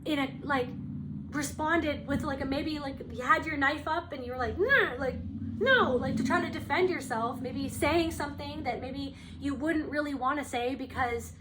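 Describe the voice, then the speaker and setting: A woman's voice: high voice, fairly even intonation, moderate pace, background noise. A young woman giving a casual spiritual tarot reading, talking earnestly in a rambling way with many fillers. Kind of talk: casual channeled reading to camera.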